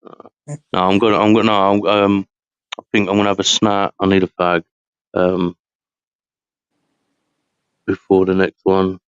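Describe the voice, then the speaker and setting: A man's voice: deep voice, completely flat delivery, normal speed, long pauses, clean tone, no room sound, lo-fi sound. A man from hosting a long live podcast, chatting casually in a tired, rambling, slangy way. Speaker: podcast host. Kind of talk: casual late-night chat.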